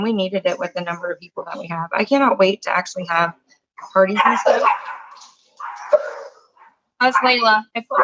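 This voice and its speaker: A woman chats her way through a live cooking stream in her home kitchen, rambling from topic to topic and turning aside to talk to her dog and family. Her voice sits at an ordinary middle pitch. The audio is a little dull and muffled. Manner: chatty and rambling, breaks off to talk to pets and family.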